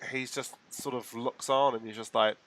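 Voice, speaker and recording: A man co-hosting a podcast, recapping an episode in animated casual chat full of fillers. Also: medium pitch, normal speed, a crowd in the background. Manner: animated storytelling with many fillers. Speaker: podcast co-host.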